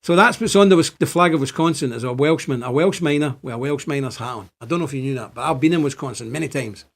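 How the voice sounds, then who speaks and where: A man hosting a casual online show, rambling and animated, often swinging up loud. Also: medium pitch, fast. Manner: animated, rambling, chants and jokes. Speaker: host.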